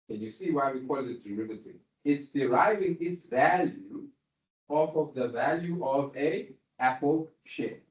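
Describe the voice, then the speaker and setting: A man's voice: medium pitch, darkish tone. A man giving a university lecture, often asking students if they follow. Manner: questioning, checks understanding often. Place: lecture room. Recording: roomy, dull lecture-hall recording.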